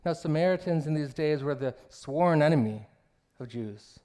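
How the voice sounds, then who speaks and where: A man preaching a sermon in a church, telling stories and parables with quoted dialogue and slowing down on key phrases. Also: on the high side, expressive, dark tone. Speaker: minister. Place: church sanctuary.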